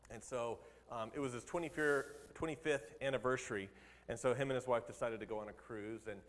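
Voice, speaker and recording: A man's voice: mid-range voice, fairly even intonation, brisk, big-room sound. A man, a pastor, giving a conversational sermon and laughing now and then at his own jokes.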